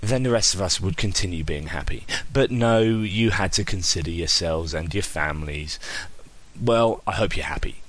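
A man's voice: low voice, moderate pace, a bit bright. A man reading out a farewell message to the show, wry and sarcastic. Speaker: listener leaving a message.

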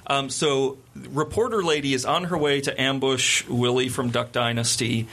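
A man in a casual chat, an animated storyteller who laughs often while retelling a film plot. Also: mid-range voice, normal speed.

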